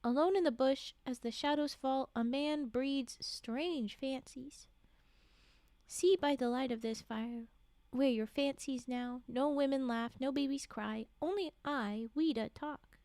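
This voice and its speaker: A woman voicing a cunning male mockingbird in a read-aloud storybook, speaking loud and coaxing. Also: sits high, a little slow, no echo.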